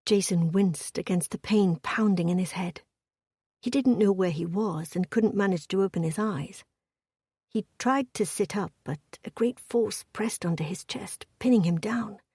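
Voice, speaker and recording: Female romance-audiobook narrator, measured and steady, warm breathy voice. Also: mid-range voice, no room sound, clean studio sound.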